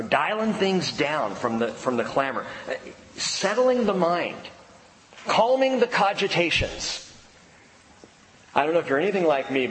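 A man preaching a sermon in a conversational way, dropping to a hush at times and rising to emphatic peaks. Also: medium pitch, long reverb tail, a little hiss or hum, rough recording. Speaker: pastor.

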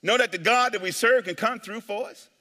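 Animated preacher with a bright voice. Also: male voice, high voice, a little fast, in a large hall. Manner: animated call-and-response preaching. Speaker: pastor. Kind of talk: sermon. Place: church sanctuary.

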